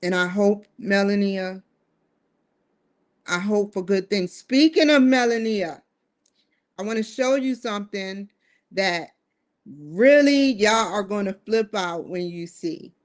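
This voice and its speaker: A woman's voice: mid-range voice, lively intonation, slow, pauses often. A woman vlogging to camera in a casual monologue, musing and putting questions straight to her viewers. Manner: musing, addresses viewers directly with rhetorical questions.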